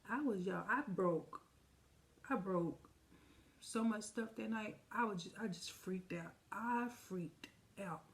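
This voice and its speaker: Speaking slowly at a medium pitch, a woman vlogger relays a personal story in a casual storytime format. She talks right to her audience in a chatty way and vividly performs the quoted lines of the people in her story.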